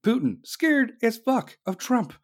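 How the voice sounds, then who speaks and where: A man's voice: very high-pitched, big pitch swings, slow. A man from the United States delivering an angry, profane political rant, swearing constantly and throwing in sarcastic mocking asides.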